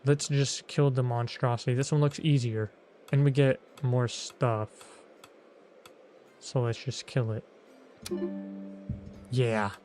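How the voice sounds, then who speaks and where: Male streamer, playful and slangy, mid-pitched, light music under him. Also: steady tone, takes it slowly, long pauses, darkish tone. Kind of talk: gaming commentary.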